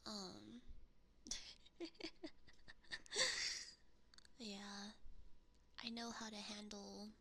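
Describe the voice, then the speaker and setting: Woman whispering asmr chat on a binaural mic, slow and giggly, lots of vocal fry. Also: mid-range voice, little pitch movement, background noise. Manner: rambling, giggly storytelling. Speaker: streamer.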